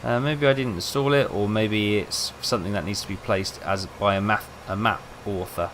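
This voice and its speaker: A man's voice: lowish voice, steady tone, normal speed, fairly bright tone, a little hiss or hum. A young man rambling casually, telling self-mocking stories over gameplay. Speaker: gaming video host.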